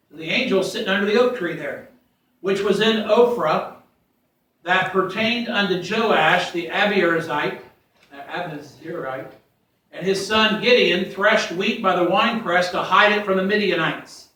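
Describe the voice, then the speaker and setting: A man preaching a sermon. He reads scripture aloud and swings from loud, rising readings to quiet asides. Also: high voice, measured pace. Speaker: pastor. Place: church sanctuary. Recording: echoey church from far off.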